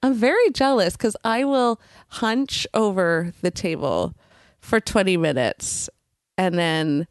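A woman's voice: medium pitch, slow pace, dry recording, studio quality. A woman who is a guest comedian on a podcast, chatting in an easygoing, self-deprecating way. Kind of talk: casual comedy chat.

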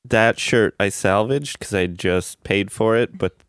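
Low-voiced man, wry guest. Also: measured pace, dry recording, clean studio sound. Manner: wry, laughing through anecdotes. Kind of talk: casual chat.

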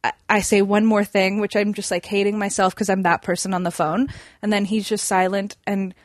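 A woman's voice: medium pitch, level tone, a little fast, no echo, clean studio sound. A young woman telling a story in a casual chat, full of fillers and restarts. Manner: chatty, many fillers and restarts. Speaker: podcast guest.

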